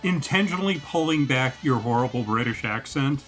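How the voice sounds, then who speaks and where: A man's voice: mid-range voice, animated, fairly quick, fairly bright tone, soft background music. A man from New Jersey co-hosting a podcast, chatting casually and laughing easily. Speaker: podcast co-host. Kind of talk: casual chat.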